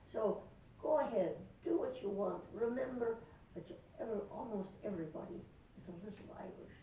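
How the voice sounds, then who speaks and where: A woman's voice: mid-range voice, normal speed, gravelly. Older woman in an echoey room. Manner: warm reminiscing, emotional, chatty. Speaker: storyteller. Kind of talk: personal storytelling to camera. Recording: echoey room, distant mic, faint noise.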